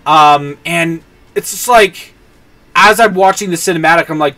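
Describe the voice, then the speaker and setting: A male game streamer gives casual commentary as he plays. His voice sits a little high, and he launches into long rants about the story, swapping in mild stand-ins for curse words. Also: normal speed, bright, forceful tone. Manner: ranting, swaps in mild words for swearing.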